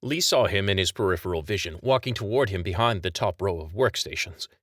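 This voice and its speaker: Male author-narrator, low voice, dry close read, measured audiobook delivery. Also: lively intonation, a bit bright, no room sound. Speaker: author narrating his own story.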